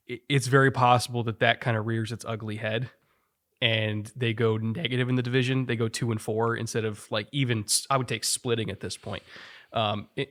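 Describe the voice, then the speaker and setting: A man's voice: medium pitch, fairly bright tone. A man hosting a football show, giving opinionated, stat-heavy analysis in casual chat with frequent restarts. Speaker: football podcast host.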